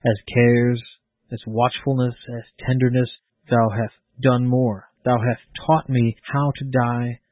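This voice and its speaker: A man's voice: medium pitch, little pitch movement, slow, no echo, natural voice. A man reading the lines of a proud, anguished young soldier condemned to die, speaking earnestly in old-fashioned phrasing. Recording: tinny phone-like lo-fi sound.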